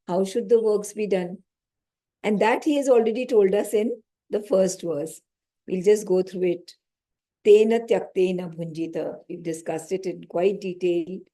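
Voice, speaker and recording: A woman giving a lecture on scripture, explaining slowly, repeating key phrases and asking her small audience questions. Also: mid-range voice, dark tone. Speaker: spiritual teacher.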